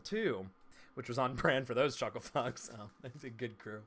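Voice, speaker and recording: A man from East Tennessee, a streamer and game master, in a casual live-stream chat, talking with crisp, trained stage diction in a chatty, playful way. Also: medium pitch, normal speed, a bit bright. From Southern United States, East Tennessee. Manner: chatty and playful, laughs easily.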